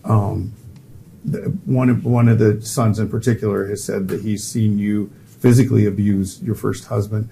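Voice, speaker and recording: A man on an editorial board, questioning a candidate haltingly with restarts. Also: on the low side, steady tone, gravelly, dark tone, slight background noise. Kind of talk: interview questioning.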